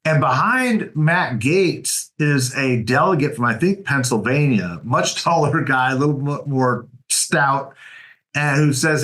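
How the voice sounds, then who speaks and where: Lively storytelling man on a podcast. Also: medium pitch, unhurried. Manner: lively storyteller, retells events with relish. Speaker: podcast co-host. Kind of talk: casual political chat.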